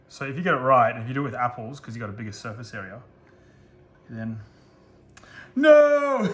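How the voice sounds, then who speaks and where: A man's voice: mid-range voice, sharp tone, reverberant. A man giving a casual cooking demonstration, chatty and self-deprecating, joking about his own slips.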